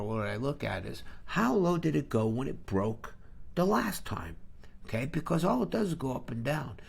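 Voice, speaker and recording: Gravelly, emphatic man lecturing on a stream. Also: medium pitch. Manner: emphatic, lecturing, keeps asking "okay?"; blunt and scornful. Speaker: crypto trading streamer. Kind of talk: live-stream trading talk.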